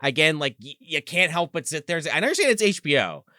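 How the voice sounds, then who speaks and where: Bright-voiced man reviewing movies. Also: fairly high pitch, sing-song, fast, dry recording, studio quality. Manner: rambling, joking, restarts sentences. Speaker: podcast co-host. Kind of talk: casual movie review chat.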